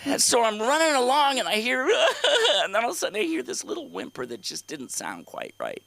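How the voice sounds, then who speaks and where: A man's voice: extremely high pitch, huge pitch swings, brisk, gravelly, sharp tone, dry recording. A middle-aged man doing open-mic stand-up on a comedy club stage, rambling, profane and talking straight to the crowd.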